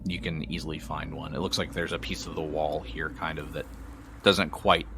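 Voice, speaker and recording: A man narrating calmly and descriptively as game master of a tabletop game. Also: rumbling low, normal speed, noisy background.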